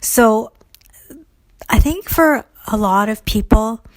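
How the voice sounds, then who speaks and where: A woman's voice: on the high side, animated, slow pace, no echo. A middle-aged woman casually answering listener questions on recovery, thoughtful and full of fillers and restarts. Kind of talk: casual solo Q&A talk.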